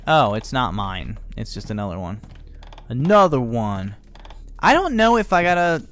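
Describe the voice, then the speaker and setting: A young man casually commenting on a horror game he is playing, profane and prone to loud startled outbursts. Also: medium pitch, sing-song, moderate pace. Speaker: gaming channel host. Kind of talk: let's play commentary.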